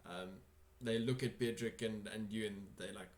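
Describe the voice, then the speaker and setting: A man's voice: fairly low pitch, fairly even intonation, moderate pace, reverberant. A man narrating a tabletop game as game master, in a casual, rambling way with many fillers.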